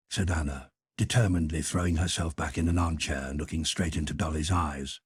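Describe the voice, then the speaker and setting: A man narrating a classic novel as an audiobook reader in a breathy, measured storytelling voice. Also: rumbling low, steady tone. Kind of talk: scripted narration.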